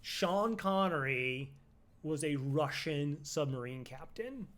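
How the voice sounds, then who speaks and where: Bright, unhurried young male streamer. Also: fairly high pitch, lively intonation. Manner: laid-back, wry asides to chat. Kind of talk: casual game commentary with chat.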